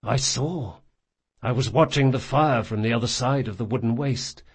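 A man voicing a big, loyal male thief, swinging between raw shouts and hushed, gentle speech. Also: mid-range voice, normal speed, slightly rough.

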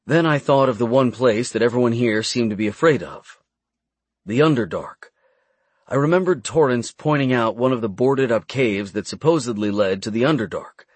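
A man reading a first-person fantasy adventure audiobook in a brisk storytelling manner. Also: medium pitch, slightly rough, no echo. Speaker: audiobook narrator.

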